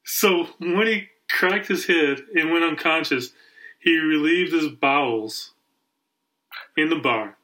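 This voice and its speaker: A man's voice: on the high side, takes it slowly, a little hiss or hum, poor audio. A man co-hosting a podcast, telling a long story in a casual way and acting out the voices of the people in it. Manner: animated storyteller, acts out quoted voices. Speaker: podcast co-host.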